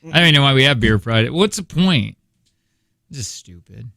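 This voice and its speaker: A man's voice: medium pitch, animated, normal speed, gravelly, pushed and bright, dry recording. A man hosting a morning radio show, joking and laughing often through rambling casual banter in a studio. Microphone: studio microphone.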